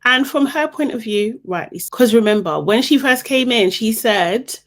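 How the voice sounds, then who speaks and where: A woman's voice: fairly high pitch, lively intonation, normal speed. A young woman hosting a casual reality TV recap, sarcastic and exasperated, often laughing as she talks.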